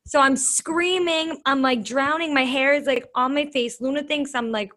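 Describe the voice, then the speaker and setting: A woman's voice: high voice, steady tone, normal speed, fairly bright tone. A young woman co-hosting a podcast, telling a story in a casual, rambling way. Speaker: podcast co-host.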